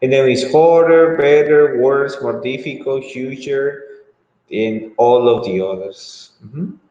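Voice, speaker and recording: A man teaching English grammar in an online lesson, speaking slowly and drawing words out, with frequent mm-hmms. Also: medium pitch, warm tone, dull audio. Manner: slow, drawn-out, with frequent mm-hmms. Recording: echoey room with long reverb.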